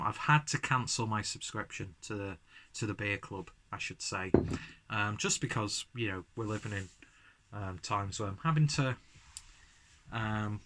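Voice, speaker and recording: A man's voice: lowish voice, fairly bright tone. A man reviewing a beer at home in a casual vlog, rambling and self-deprecating, slightly buzzed from drinking. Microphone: camera mic, framed from chest up.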